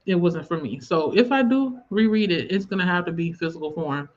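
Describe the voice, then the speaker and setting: A woman's voice: lowish voice, brisk. A woman with a Southern US accent, hosting a casual livestream and chatting at length as she reads viewer comments aloud. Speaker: livestream host. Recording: slightly dull lo-fi stream audio.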